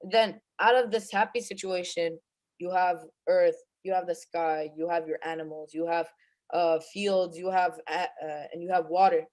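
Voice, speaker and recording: A man's voice: high-pitched, little pitch movement, normal speed, darkish tone. A male presenter who recites Arabic Quran verses, then explains them in English, with frequent fillers and restarts. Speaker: student presenter of Quran commentary.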